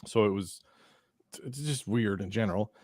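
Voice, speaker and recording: A man's voice: fairly low pitch, normal speed, a little mellow, no room sound, clean studio sound. A man hosting a podcast, telling a rambling anecdote in casual chat, full of restarts and acted-out quotes. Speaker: podcast host.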